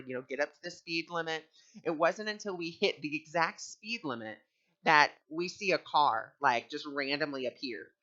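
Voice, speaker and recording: A man's voice: on the high side, sharp tone, lo-fi sound. A man teaching on spiritual ideas and telling a personal story in an earnest, conversational way.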